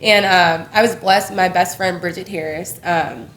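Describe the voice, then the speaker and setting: A young woman with a slightly low voice talks candidly as an interview guest. She is open and reflective, laughs easily and leans on fillers. Her voice carries a roomy echo. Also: steady tone, unhurried, fairly bright tone, a little hiss or hum. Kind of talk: candid personal conversation.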